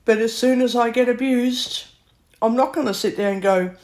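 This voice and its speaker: A woman delivering a slow, emphatic rant, acting out quotes as she goes. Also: a little high, darkish tone. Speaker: vlogger. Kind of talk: ranting monologue.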